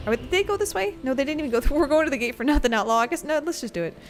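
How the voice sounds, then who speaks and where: A woman's voice: sits high, expressive, rapid-fire, faint music behind. A woman streaming a game, rambling through a story between fights, laughing often and swearing casually. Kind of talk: casual gameplay commentary and storytelling.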